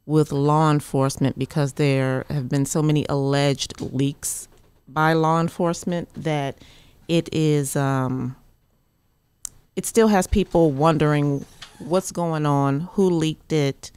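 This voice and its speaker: A woman newspaper editor, a guest on a studio talk show, speaking in a measured, thoughtful way with many pauses. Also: low-pitched, fairly even intonation, a little mellow, smooth, dry recording. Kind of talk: casual studio chat.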